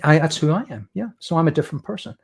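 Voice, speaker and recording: A man's voice: fairly high pitch, very fast, vocal fry, slightly rough. A man with an Irish accent, a guest artist chatting and explaining while he draws on a livestream. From Ireland. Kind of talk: drawing demo chat on a livestream.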